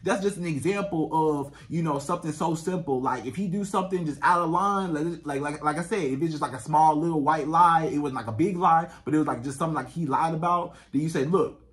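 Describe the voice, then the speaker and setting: A man's voice: fairly high pitch, fast talker, hardly any pauses, fairly bright tone. A man, a dating coach giving blunt, emphatic advice straight to camera and repeating catchphrases. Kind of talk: direct-to-camera advice monologue.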